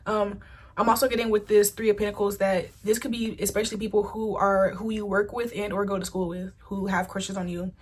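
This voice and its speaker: A woman giving a casual pick-a-card tarot reading, chatty and animated, swearing freely. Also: mid-range voice, a little fast, breathy edge. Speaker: tarot reader.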